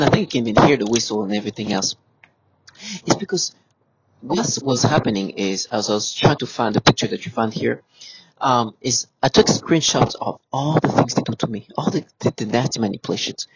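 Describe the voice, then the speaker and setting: A man giving an agitated, repetitive monologue as a vlogger, his voice often climbing as he gets worked up. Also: mid-range voice. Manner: agitated, repetitive, voice rising when upset. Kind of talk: casual monologue to camera. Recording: dull lo-fi audio with faint noise.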